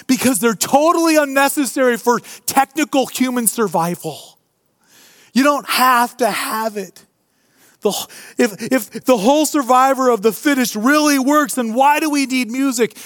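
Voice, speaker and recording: A male pastor preaching a sermon to a live congregation, animated and humorous in a conversational way. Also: extremely high pitch, normal speed, dry recording, studio quality. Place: church before a live congregation.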